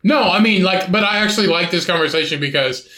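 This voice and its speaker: A man's voice: high-pitched, quick pace, reverberant. A man co-hosting a podcast in casual chat, joking around and swearing. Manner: jokey, animated, swearing. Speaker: podcast co-host.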